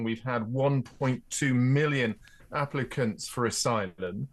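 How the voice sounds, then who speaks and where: A man's voice: medium pitch, a bit bright. An Englishman as a radio guest, explaining his case firmly and citing figures. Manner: firm, explanatory, cites figures. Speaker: studio guest, commentator. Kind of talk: talk radio discussion.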